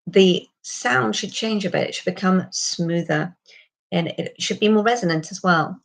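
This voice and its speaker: Calm woman coaching pronunciation. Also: fairly low pitch, creaky. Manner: calm, instructive, models sounds slowly for repetition. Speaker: accent coach. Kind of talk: pronunciation lesson.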